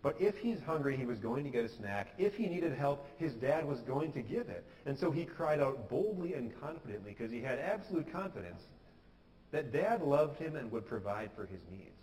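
A man's voice: mid-range voice, sing-song, normal speed, a little mellow, a little hiss or hum. Man preaching in a reverberant church. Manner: earnest, conversational, acts out quoted prayers. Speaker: pastor. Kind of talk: sermon. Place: church sanctuary.

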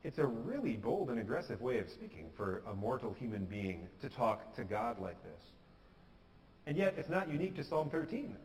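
A man's voice: medium pitch, very animated, moderate pace, a little mellow, in a large hall, a little hiss or hum, low-quality recording. A pastor giving an earnest, conversational sermon, sometimes acting out the prayers he quotes. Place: church sanctuary.

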